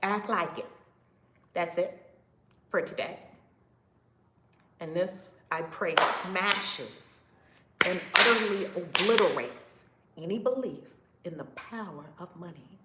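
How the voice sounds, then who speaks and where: A woman spiritual teacher on a livestream, preaching with emphatic repetition and bursts of loud whoops. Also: lowish voice, slow, pauses often, echoey room, background noise.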